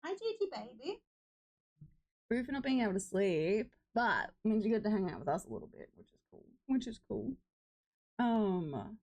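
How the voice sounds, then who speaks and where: A woman's voice: medium pitch, very animated, normal speed, pauses often, darkish tone, low-quality recording. A young woman streaming a farming game, chatting affectionately with viewers and calling them "lovely" and "darling". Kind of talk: casual live-stream chat.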